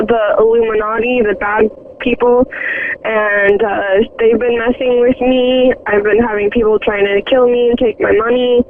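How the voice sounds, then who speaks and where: A woman calling in to a radio show, crying and frightened, speaking haltingly. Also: fairly high pitch, slight background noise. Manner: halting, hesitant. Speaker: caller. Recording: tinny phone line.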